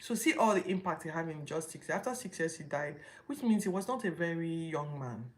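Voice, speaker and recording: Animated woman retelling scripture. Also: low-pitched, a little fast. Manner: animated, incredulous rhetorical questions; informal retelling with restarts. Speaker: Bible podcast host. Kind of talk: casual Bible commentary.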